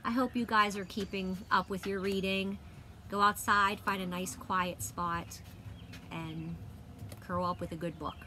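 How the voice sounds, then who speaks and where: A woman's voice: medium pitch, fairly even intonation, a little slow. A woman reading a children's chapter book aloud outdoors in a friendly, chatty way. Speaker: storybook reader. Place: outdoors by a fire. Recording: loud outdoor noise. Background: wind and a barking dog.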